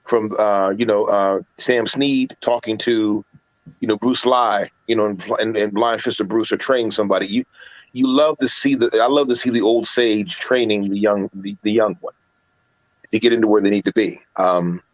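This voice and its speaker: Here the film podcast panelist sits on the low side, moving at a moderate pace. The recording is dry with its highs cut off. Chatting casually on a livestream, he keeps restarting his stories and animatedly acts out quotes from movies.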